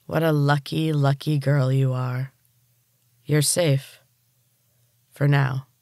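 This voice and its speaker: Storybook villain: a cruel man who runs a gym, read by the narrator, with slow, menacing, mid-pitched lines, close and dry. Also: flat delivery, vocal fry, darkish tone, dry recording. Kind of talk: audiobook character reading.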